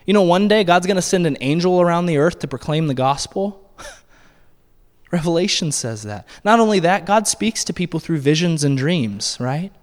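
A man with a fairly high voice preaches in a loose, conversational way and keeps checking in with the congregation. His voice carries a long reverb, as in a church hall. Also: animated, normal speed. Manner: conversational, often asks the congregation "right?". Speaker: pastor. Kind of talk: sermon.

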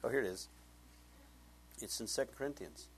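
A man preaching as a pastor, telling a personal story with lively acted-out dialogue that swings up high when he gets excited. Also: moderate pace, a little hiss or hum. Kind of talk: sermon with storytelling.

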